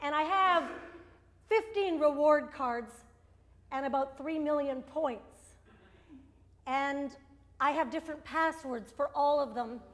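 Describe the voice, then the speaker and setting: Wry high-voiced woman doing stand-up. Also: slow pace, long pauses, slight background noise. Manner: wry, self-mocking punchlines with exasperated bursts. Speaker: stand-up comedian. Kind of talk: stand-up comedy routine.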